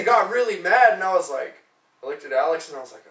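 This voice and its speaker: A man's voice: sits high, quick pace. A young man co-hosting a casual podcast, telling rambling, profane stories and acting out the people in them. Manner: profane, animated storyteller acting out quotes. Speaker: podcast co-host. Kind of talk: casual chat, storytelling. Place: room shared on a couch. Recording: echoey room, far from the mic.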